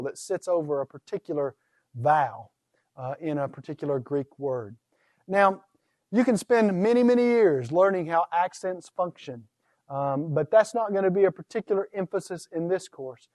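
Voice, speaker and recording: A man's voice: high-pitched, a little mellow, no room sound. A man teaching a recorded course lecture on Greek pronunciation, posing questions to his students and answering them himself. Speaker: Greek instructor.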